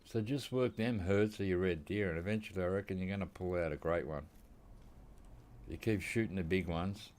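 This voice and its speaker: A man's voice: low-pitched, moderate pace, darkish tone. An Australian man streaming from home, giving laid-back, rambling gameplay commentary and chuckling often. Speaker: game streamer.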